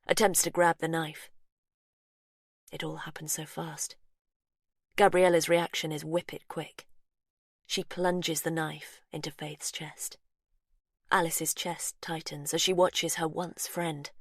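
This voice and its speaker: A woman reading a suspense story aloud in slow, hushed, suspenseful narration. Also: deep voice, dry recording, studio quality. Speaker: audiobook narrator. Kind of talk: scripted narration.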